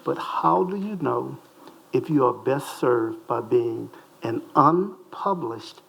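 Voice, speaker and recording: This is a man in the audience with a gravelly, creaky voice in a middle register. He thanks the speakers politely and then puts his question hesitantly. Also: medium pitch, animated, slow, fairly bright tone, slight background noise, poor audio. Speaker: audience member asking a question.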